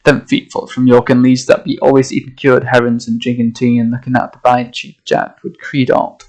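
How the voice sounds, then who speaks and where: A man putting on a gruff ancient Yorkshire sailor. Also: mid-range voice, flat delivery, normal speed, natural voice, low-quality recording. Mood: dismissive. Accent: Yorkshire dialect, put on. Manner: brusque, dismissive, quiet. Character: very old brusque sceptical male sailor. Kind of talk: reading a novel aloud.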